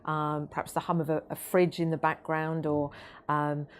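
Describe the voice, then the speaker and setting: A woman giving a training talk about autism, measured and explanatory, with frequent ums and restarts. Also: low voice, flat delivery.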